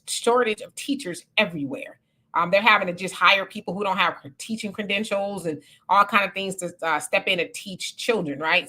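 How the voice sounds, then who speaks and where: A woman hosting a casual livestream, reading viewer comments and chatting with animated, laughing asides. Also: lowish voice. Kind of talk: casual live chat.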